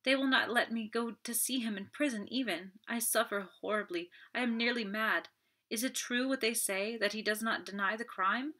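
Woman reading a distraught young French girl for an audiobook, high and pleading, bright tone. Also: normal speed. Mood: despairing. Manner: pleading, emotional.

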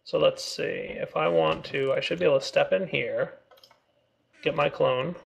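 A man's voice: on the high side, normal speed, creaky, slightly rough. A man co-hosting a casual game video, upbeat and teasing. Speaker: co-host of a game video series. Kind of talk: casual gameplay chat.

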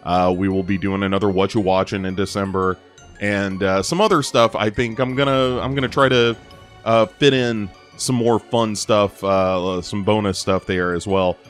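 A podcast host signs off in a chatty, casual way, filling his pauses with "uh". His voice sits fairly low, and faint music plays underneath. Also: steady tone. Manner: chatty, with frequent fillers.

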